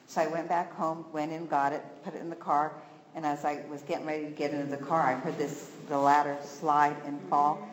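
A woman with a very low voice gives an earnest church testimony, telling it step by step. She's far from the microphone in a very echoey hall with long reverb and a faint hum of noise behind her. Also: little pitch movement, brisk. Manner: storytelling, earnest, acts out the voices in her story. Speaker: church member giving testimony. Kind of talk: personal testimony.

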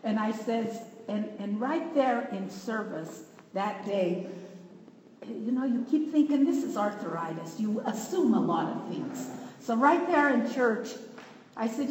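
A woman excitedly sharing a plainspoken church testimony in a folksy way. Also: a little high, unhurried, roomy sound, big-room sound, slight background noise, rough recording. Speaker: church member giving testimony. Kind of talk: personal testimony.

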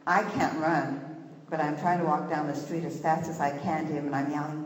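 A woman's voice: sits low, level tone, a little fast, echoey room, big-room sound, rough recording. A woman giving an earnest personal testimony at church, telling her story step by step and acting out the voices in it.

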